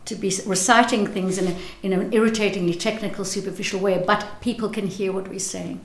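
A woman's voice: mid-range voice, fairly even intonation, fairly quick, echoey room, slight background noise. A woman actress answering interview questions, speaking articulately and thoughtfully, often repeating words as she searches for the next thought.

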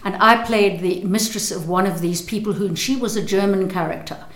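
An older South African actress with a South African accent talks through her answers at a middle pitch. She hesitates and restarts her phrases often. The room around her adds a noticeable echo. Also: fairly quick. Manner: thoughtful, hesitant with many restarts. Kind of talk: interview.

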